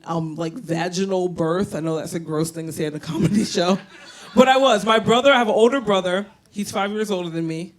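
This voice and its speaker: A young woman with a Southern US accent doing a loud, profane, self-mocking stand-up set on a bar stage. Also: lowish voice, brisk. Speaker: stand-up comedian. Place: comedy bar stage, live audience.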